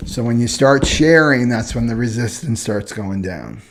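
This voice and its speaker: A man's voice: medium pitch, lively intonation, moderate pace, a bit bright. A man giving a casual, rambling spoken lesson on personality types, earnest and often checking in with "right?". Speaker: astrology and human design teacher. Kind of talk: casual spoken teaching monologue.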